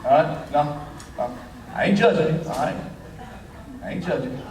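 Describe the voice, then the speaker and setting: Folksy preacher in an echoey church hall. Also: male voice, a little high, moderate pace, far from the mic. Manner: folksy, animated preaching with dialect. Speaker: pastor. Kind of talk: sermon. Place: church sanctuary.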